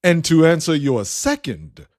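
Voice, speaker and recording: Man doing a suave blue alien gentleman thief, condescending, lively swooping pitch, dry storybook voice. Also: very slow, no echo, full character voice. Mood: haughty. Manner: theatrical, condescending, says "my dear".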